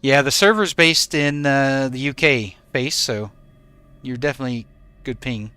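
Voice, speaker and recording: Bright, clear-voiced man streaming with chat. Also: medium pitch, measured pace. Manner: easygoing, greets and thanks chatters by name. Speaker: game streamer. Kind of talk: live stream chat with viewers. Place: home in regional Australia.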